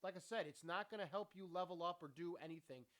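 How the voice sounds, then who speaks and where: Middle-aged male host, casual pep talk, salty and off-the-cuff, voice sits a bit high. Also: fast talker, fairly bright tone. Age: 40s. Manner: blunt, profane, rambling with self-corrections. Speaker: podcast host. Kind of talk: casual motivational monologue.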